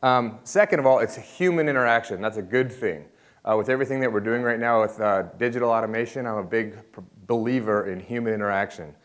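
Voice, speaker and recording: A man giving a lively conference talk, joking and calling on the audience. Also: on the low side, fast. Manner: energetic, jokey, interacts with crowd. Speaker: conference speaker.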